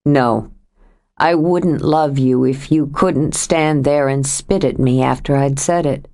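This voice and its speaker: A woman voicing a troubled grown man who speaks in a low, steady, earnest way as he confesses to his lover in an audiobook. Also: slow, exaggerated voice. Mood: earnest, pleading. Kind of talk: audiobook character voice.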